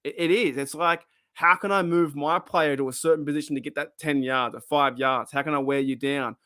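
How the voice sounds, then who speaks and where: A man's voice: fairly high pitch, fairly even intonation, fairly quick, bright, forceful tone, smooth, dry recording, studio quality. Rambling man in his thirties. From Australia. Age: 30s. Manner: rambling, repeats himself, swears casually. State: voice wearing thin. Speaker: livestream host. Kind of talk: casual livestream chat reading comments.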